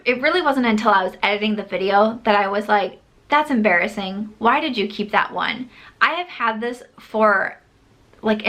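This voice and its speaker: A woman beauty vlogger with a high, sharp voice chats casually to camera. She's emphatic and scolds herself with mock exasperation.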